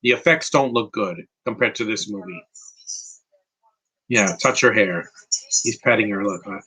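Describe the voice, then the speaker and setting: A man's voice: on the low side, unhurried, bright, forceful tone, husky, rough recording. A man giving a casual, rambling live commentary on a film, emotional and close to tears. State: teary, close to crying. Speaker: movie commentator.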